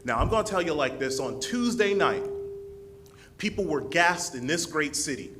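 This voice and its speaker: A man giving an impassioned public comment at a city council podium microphone, speaking with forceful, rising indignation. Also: fairly high pitch, lively intonation, normal speed, background noise.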